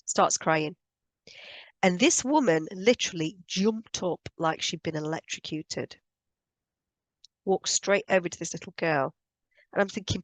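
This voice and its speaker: Earnest woman healer, low dry voice. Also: no room sound. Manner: earnest, emphatic, repeats points for stress. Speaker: spiritual healer teaching on energy. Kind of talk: explanatory video monologue.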